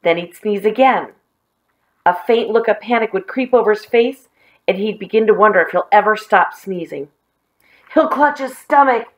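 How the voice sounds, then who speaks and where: A woman reading aloud, voicing an excitable, dramatic schoolboy with high, overacted sneezes. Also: normal speed, natural voice. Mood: scheming.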